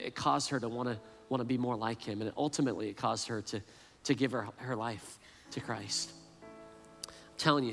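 A man's voice: mid-range voice, a bit bright. A man preaching a sermon as pastor, earnest and often repeating words as he restarts a thought. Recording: long reverb, as in a large hall.

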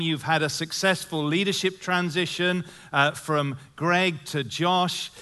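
A man's voice: a little high, bright, forceful tone. A man with an English accent, preaching as a guest speaker with enthusiastic rhetorical questions. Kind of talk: sermon.

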